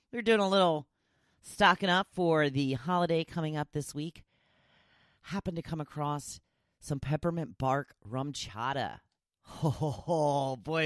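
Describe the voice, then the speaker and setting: A chatty woman host talking casually with her listeners. Her pitch leaps up and down constantly as she bubbles along. The sound is close and dry, with no room around it. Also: no room sound. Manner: chatty and bubbly, often laughing. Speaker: podcast host.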